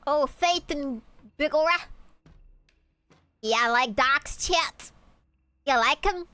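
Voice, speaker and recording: A woman's voice: high-pitched, takes it slowly, pushed and bright, no echo. A young woman from Peru, streaming a game and joking and teasing with her chat, swearing casually. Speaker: VTuber streamer.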